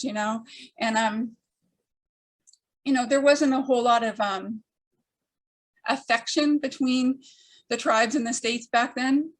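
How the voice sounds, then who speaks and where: An older woman telling a personal story to an audience, with wry humor and frequent pauses. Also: on the high side, fairly even intonation, fairly bright tone. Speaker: storyteller speaker.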